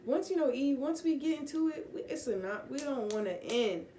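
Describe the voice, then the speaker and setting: A woman's voice: high voice, moderate pace, roomy sound, slight background noise. Rambling woman teaching scripture casually. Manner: relaxed, rambling, many fillers and self-corrections. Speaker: vlogger giving Bible teaching. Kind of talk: casual spoken Bible teaching. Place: home room with pets.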